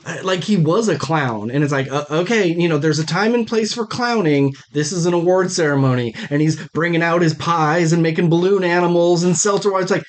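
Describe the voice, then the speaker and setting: A man's voice: fairly high pitch, fairly quick, hardly any pauses. A young man co-hosting a podcast, giving blunt, wry opinions and movie recaps in casual chat. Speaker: podcast co-host.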